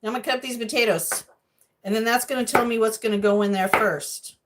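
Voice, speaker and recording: A woman's voice: on the high side, steady tone, fast talker, background noise. A middle-aged woman chatting casually on a livestream while cooking in her home kitchen, greeting viewers by name and wandering into rambling asides.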